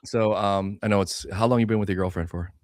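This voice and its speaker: A man who is a guest on a podcast, telling profane, animated stories in casual chat. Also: fairly low pitch, a little fast, no echo, clean studio sound. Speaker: guest, sales consultant for chiropractors.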